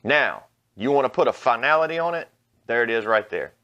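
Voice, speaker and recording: A man's voice: mid-range voice, sing-song, brisk, pushed and bright, muffled recording. A man hosting his own channel, delivering a blunt, mocking, profane opinion rant. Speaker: vlog host. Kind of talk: ranting opinion commentary.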